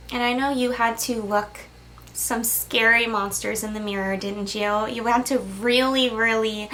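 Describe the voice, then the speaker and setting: A young woman crystal healer speaking to camera in a soft, reassuring, casual way, sometimes laughing between lines. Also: fairly high pitch, slight background noise. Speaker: crystal healer giving a channeled message. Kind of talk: gentle spiritual pep talk to camera.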